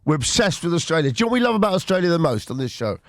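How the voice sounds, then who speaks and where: A man's voice: fairly high pitch, very animated, no echo, clean studio sound. A man hosting a radio interview, joking and bantering with his guest. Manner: jokey, bantering, quick asides. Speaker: radio host. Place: radio studio. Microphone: studio microphone.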